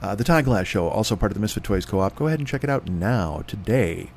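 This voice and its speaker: A man rambles through a comedy ad read with a lively, swooping voice that keeps jumping up and down. He sounds dry-throated and swears freely. He drops into mock announcer voices now and then. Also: lowish voice, fast, few pauses. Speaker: podcast host.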